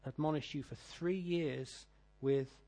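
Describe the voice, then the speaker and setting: A middle-aged British man preaching a sermon, reading scripture and telling stories, swinging between loud declaiming and quiet asides. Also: fairly high pitch, fairly even intonation, slow, faint music behind. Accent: British English. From Britain.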